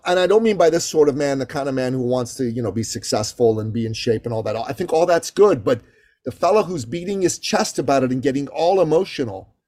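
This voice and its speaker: A man in his fifties talking in a casual podcast conversation, animated and acting out what others say. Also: mid-range voice, no room sound, clean studio sound. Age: 50s. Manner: animated, acts out voices of others.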